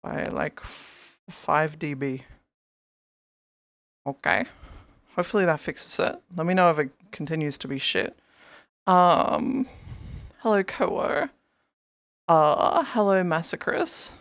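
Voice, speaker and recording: A woman's voice: low-pitched, animated, slow pace, gravelly, pauses often. A young woman live-streaming in casual chat, rambling and greeting her viewers by name over a headset mic.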